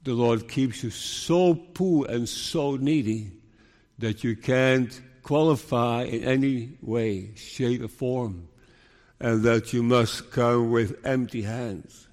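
A preacher with a medium-pitched, darkish voice delivers a sermon slowly and deliberately, with earnest emphasis. At times he acts out the anxious voice of a worried, doubting believer, his words ringing with a large hall's long reverb.

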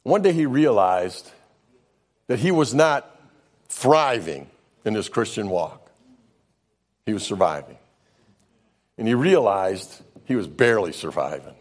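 A male pastor preaching a sermon, telling stories in a folksy way and swinging from loud to hushed. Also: on the low side, very animated, measured pace, pauses often. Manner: folksy storytelling, says "man" often.

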